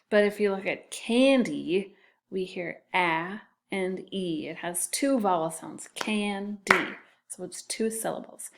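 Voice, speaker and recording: A woman teaching a phonics lesson to young children, patiently sounding out and spelling words. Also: medium pitch. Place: classroom.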